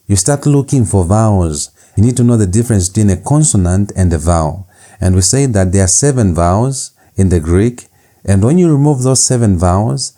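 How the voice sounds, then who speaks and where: A man teaching a recorded Greek lecture, repeating key points slowly and deliberately. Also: lowish voice, mellow.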